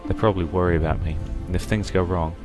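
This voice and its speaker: A young man playing a sci-fi visual novel, reading out every character's lines with shifting pitch and loudness. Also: fairly even intonation, fast talker, over music. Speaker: game let's-player.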